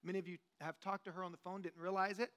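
In a church meeting room, a man in his 40s, nearing fifty, teaches a church group study as a lay teacher, speaking very fast with a clean tone and a voice high for a man. His preaching is easygoing and joking, packed with fillers, like a chat among friends.

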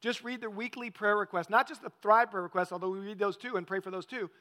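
A man's voice: high voice, steady tone, quick pace, pushed and bright. A male pastor preaching a conversational sermon, often asking the congregation questions.

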